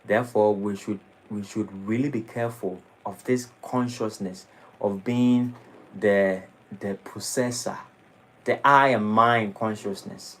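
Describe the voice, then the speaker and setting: A man preaching a sermon in a temple, dramatic and lively. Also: on the low side, normal speed, low-quality recording. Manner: dramatic, shifting into mocking acted quotes. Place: temple hall.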